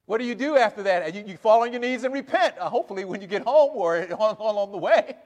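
A man's voice: high voice, quick pace, big-room sound, highs cut off. A man preaching a sermon to his congregation, reading scripture aloud and acting out the quoted lines with chuckles. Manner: animated, acts out quoted lines with laughs.

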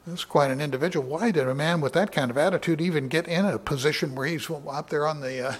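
A man teaching from the Bible in a sermon, reading passages with lifted emphasis and then explaining them plainly. He talks in an unpolished, conversational way, with fillers and restarts, and clears his throat now and then. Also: on the high side, fast talker. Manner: reads scripture aloud with raised emphasis, then explains casually with fillers.

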